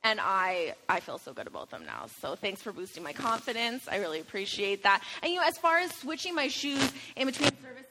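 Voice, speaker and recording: A woman's voice: mid-range voice, sing-song, a little fast, few pauses, big-room sound, noisy background. A woman teaching at a church service, chatty and teasing, laughing often as she talks. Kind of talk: sermon with light banter.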